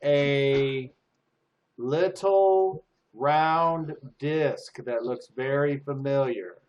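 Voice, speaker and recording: A man's voice: medium pitch, drawn-out words, muffled recording. A man narrating a tabletop game from home as game master, loose and rambling.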